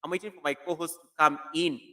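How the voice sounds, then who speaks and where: A man's voice: a little high, quick pace. Chatty man hosting a live stream. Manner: greets viewers by name, animated and chatty. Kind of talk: casual live-stream chat. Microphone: computer mic. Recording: echoey room sound.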